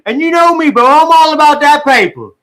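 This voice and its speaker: Hot-tempered, money-obsessed older man, put on by a man; high, shouting, sharp-edged delivery. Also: lively intonation, brisk. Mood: angry.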